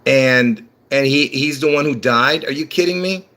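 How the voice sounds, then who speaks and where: A man's voice: medium pitch, moderate pace. Rambling man on a livestream. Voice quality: slightly slurred from dentures. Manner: rambling, repeats himself, bursts into excited emphasis; chuckles at his own slips. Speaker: livestream host. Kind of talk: rambling religious livestream talk.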